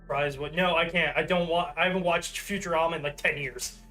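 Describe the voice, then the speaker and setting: High, bright-voiced male streamer. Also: fairly even intonation, fairly quick, soft background music. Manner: rambling, self-deprecating, many fillers. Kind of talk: casual livestream chat.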